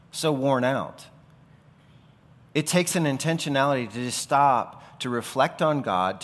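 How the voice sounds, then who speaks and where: A male pastor delivering a sermon in a relaxed, conversational manner that stays earnest. His voice sits at an ordinary middle pitch. The room around him rings with a long, hall-like reverb. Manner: conversational, earnest, with everyday asides.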